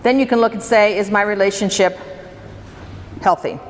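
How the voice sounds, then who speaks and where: With a mid-range voice at a moderate pace, a woman presents a workshop to people in a hall, chatting with them and inviting answers to her questions. The hall is reverberant, and faint room noise sits beneath her.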